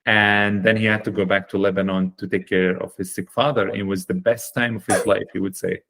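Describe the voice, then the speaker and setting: Earnest man telling a story, lowish voice. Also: fairly quick, creaky, a little hiss or hum. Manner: earnest, animated storyteller with frequent fillers. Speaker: guest, chocolate company founder. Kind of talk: storytelling in a podcast interview.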